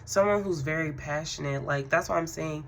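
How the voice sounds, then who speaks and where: A woman doing a spiritual tarot reading. She speaks to the listener directly in a relaxed, affirming way, with fillers and soft laughs. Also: low-pitched, moderate pace, slight background noise. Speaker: tarot card reader.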